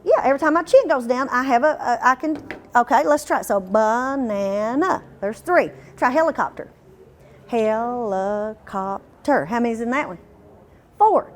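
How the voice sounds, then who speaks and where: A woman leads a teacher training workshop. She quizzes the room and stretches demo words out slowly. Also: high-pitched, lively intonation.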